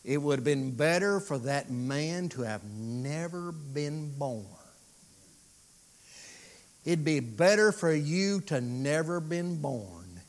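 A man preaching a sermon, swinging from loud pleading to hushed, drawn-out phrases. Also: a little high, expressive.

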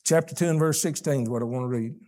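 An older man preaching a sermon as pastor, folksy and emphatic, swinging between loud stressed phrases and hushed asides. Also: mid-range voice, quick pace.

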